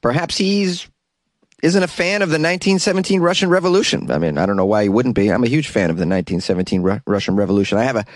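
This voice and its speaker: A man hosts a comedic news podcast, reading odd stories and wandering off into joking, self-mocking tangents. His voice sits in an ordinary middle pitch. The sound is dry and close, recorded in a small closet. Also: expressive, fast talker, no room sound. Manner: joking, rambling asides with self-mocking chuckles. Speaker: podcast host.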